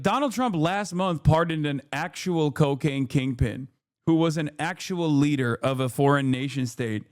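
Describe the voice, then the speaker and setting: Sarcastic, profane male streamer with a smooth voice. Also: a little high. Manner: sarcastic and profane, with frequent fillers; mocking and rhetorical. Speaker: streamer reacting to news. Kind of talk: casual live-stream commentary.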